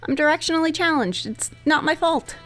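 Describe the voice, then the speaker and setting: A woman's voice: high voice, brisk, music in the background, lightly acted. An actress playing a quirky, chatty young woman with a playful way of talking.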